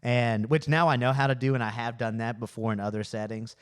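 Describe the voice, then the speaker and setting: A man's voice: medium pitch, fairly even intonation, brisk, smooth. Chatty Louisiana man telling a story. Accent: Southern US (Louisiana). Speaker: podcast host and comedian. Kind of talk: casual podcast chat.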